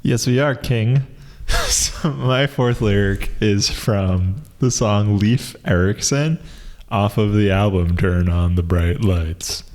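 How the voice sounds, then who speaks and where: A man's voice: lowish voice, slow pace, a little mellow. A man co-hosting a podcast in casual comedic chat, laughing often and repeating lines for fun. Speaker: podcast co-host.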